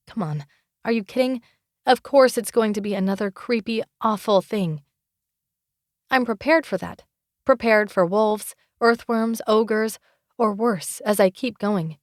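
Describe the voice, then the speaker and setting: A woman narrating a fantasy romance audiobook in first person, wry and expressive, close to the mic. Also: mid-range voice, dry recording.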